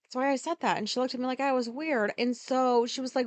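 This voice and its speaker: A woman's voice: sits high, moderate pace, no room sound. A woman podcast host telling a personal story in a candid, rambling monologue, swearing freely. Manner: frank and profane, rambling with many asides.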